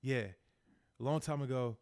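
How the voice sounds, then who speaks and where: A man co-hosting a podcast, excitedly retelling a TV episode in casual chat, acting out the characters and swearing freely. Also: mid-range voice, normal speed, clear, resonant tone. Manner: animated storyteller acting out characters, heavy swearing. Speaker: podcast co-host.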